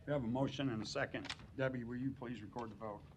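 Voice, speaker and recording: A man chairing a public planning board meeting, briskly calling motions and reading out case numbers. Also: medium pitch, fairly even intonation, noisy background. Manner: brisk procedural, reads case numbers aloud. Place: council chamber.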